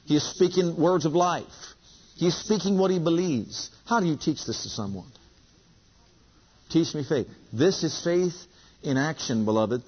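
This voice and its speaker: A man's voice: fairly high pitch, a little slow, breathy edge. A man preaching a sermon, telling a story with acted-out dialogue and emphatic repetition. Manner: emphatic, repeats lines, acts out dialogue. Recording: dull lo-fi recording.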